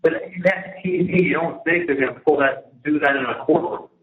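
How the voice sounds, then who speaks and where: A man on a jail phone call, talking in a rambling, halting way that keeps restarting and repeating words. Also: on the high side. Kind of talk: casual phone conversation. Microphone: phone handset. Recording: tinny, echoey prison phone line.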